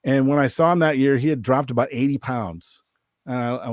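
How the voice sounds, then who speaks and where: Animated storytelling man, dry close sound. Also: normal speed, no room sound. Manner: animated, jumps into high mocking voices when quoting. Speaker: podcast guest. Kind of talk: casual storytelling. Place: Minnesota-based.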